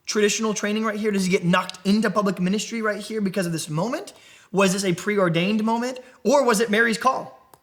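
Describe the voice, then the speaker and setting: A man leading a conversational Bible teaching for a young adult group, often asking the listeners questions. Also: high-pitched. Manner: animated, asks the group questions. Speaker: young adult ministry preacher.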